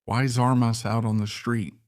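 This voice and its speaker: A man's voice: medium pitch, little pitch movement, normal speed, a little mellow, no echo, clean studio sound. A man giving opinionated current-affairs commentary, repeating his points with emphasis and pressing rhetorical questions. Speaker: political commentator.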